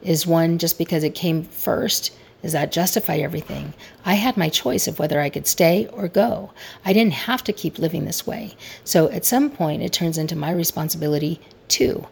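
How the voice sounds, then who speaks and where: Middle-aged woman, marriage coach sharing advice; low husky voice, candid and self-deprecating. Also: normal speed, hardly any pauses, darkish tone. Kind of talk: personal advice talk.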